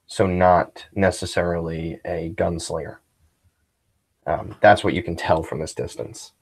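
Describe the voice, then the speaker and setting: Guy running a tabletop rpg, low voice, rambly descriptive narration. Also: fairly even intonation, unhurried, vocal fry, slightly rough. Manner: rambling, full of fillers and restarts. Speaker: game master.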